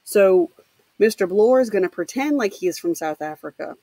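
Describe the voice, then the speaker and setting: Woman teacher, reading to students, medium pitch, dry close mic. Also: animated, warm tone, dry recording. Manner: pauses to explain to students, with fillers. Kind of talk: reading a novel aloud for students. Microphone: home computer mic.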